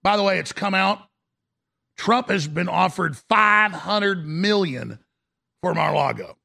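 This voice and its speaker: Guy ranting on talk radio, real gravelly raspy voice, sharp and high-ish, mad and mocking. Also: animated, takes it slowly. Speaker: radio host.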